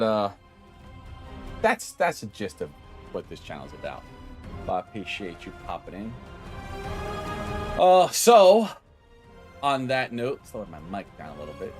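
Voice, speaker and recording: Man, game streamer, casual and upbeat, wanders off track, mid-pitched voice, soft music underneath. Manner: rambling, upbeat, greets chatters by name; self-deprecating, loses his train of thought. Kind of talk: casual live-stream chat.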